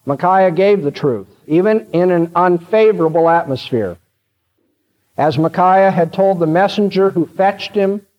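Male preacher, sermon, earnest, direct, explanatory, higher voice, dull lo-fi sound. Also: big-room sound. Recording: dull lo-fi recording.

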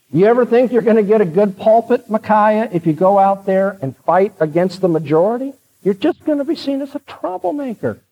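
A pushy male messenger leans on his listener in a high, insistent voice, as a preacher puts him on. He keeps coaxing and pressing, steering toward going along with the crowd. The sound is dull and lo-fi. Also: heavily acted. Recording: dull lo-fi recording.

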